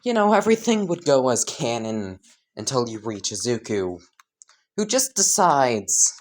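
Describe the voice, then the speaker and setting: Deep, bouncy woman narrator; relaxed, unfiltered fan-story rambler. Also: unhurried. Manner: rambling, laughing and swearing freely. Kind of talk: casual storytelling.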